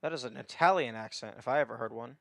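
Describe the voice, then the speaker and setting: A man's voice: mid-range voice, fast, creaky, fairly bright tone, no room sound. Guy muttering thru a puzzle game, mid voice, talks to himself, swears now n then. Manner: thinks aloud, mutters, swears casually. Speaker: game streamer. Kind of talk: let's play commentary.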